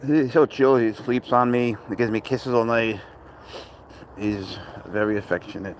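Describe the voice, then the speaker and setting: A man's voice: medium pitch, measured pace, slight background noise. A man chatting casually in a park about his cat, rambling and easygoing, and tired from little sleep. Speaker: cat owner vlogger. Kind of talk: casual chat outdoors. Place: outdoor park with traffic nearby.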